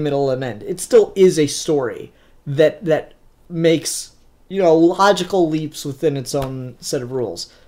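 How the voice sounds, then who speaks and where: A young man with a somewhat high voice gives a casual spoken comic book review. He rants in a blunt, profane way. His talk is loose and full of fillers.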